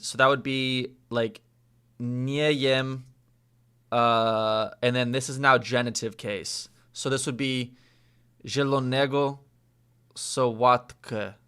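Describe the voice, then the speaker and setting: A young man learning a language in a casual lesson, hesitant, repeating phrases slowly as he practices. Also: medium pitch, bright, forceful tone, clean tone.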